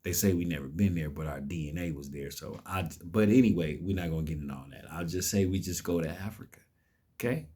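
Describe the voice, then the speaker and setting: A man's voice: low-pitched, brisk, warm tone, slightly rough. A man giving an impassioned, preachy vlog monologue, emphatic and cursing. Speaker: vlogger.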